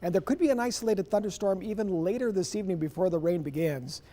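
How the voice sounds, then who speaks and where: Male TV weatherman, high voice, upbeat map walkthrough, reverberant sound. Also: fast talker, mellow. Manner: upbeat, walking through a forecast map. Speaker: weather forecaster. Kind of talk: TV weather forecast.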